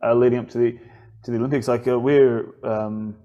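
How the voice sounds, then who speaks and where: Australian male podcast host, casual, rambling and animated, lots of restarts. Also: mid-range voice, fairly quick, lo-fi sound. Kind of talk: casual chat.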